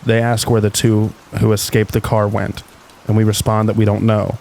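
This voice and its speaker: A man reading stories aloud in calm, unhurried scripted narration meant for falling asleep. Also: on the low side. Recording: faint rain noise behind.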